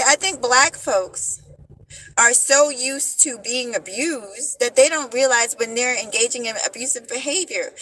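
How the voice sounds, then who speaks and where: A woman's voice: on the high side, pushed and bright, poor audio. A woman hosting a livestream. She talks straight to her viewers in casual slang and repeats her points with emphasis, into a phone she holds in her hand. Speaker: livestream host. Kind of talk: livestream commentary. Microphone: phone held in hand.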